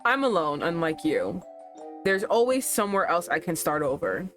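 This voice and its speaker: A woman streamer reading a romance game aloud and reacting with animated, profane asides. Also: fairly low pitch, normal speed, faint music behind.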